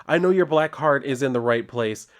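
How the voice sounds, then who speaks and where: A cruel, queenly villainess from a comic book, haughty and commanding, as a man reads her lines. The pitch stays at an average male level. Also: lively intonation, normal speed, close to an everyday voice. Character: cruel evil queenly woman.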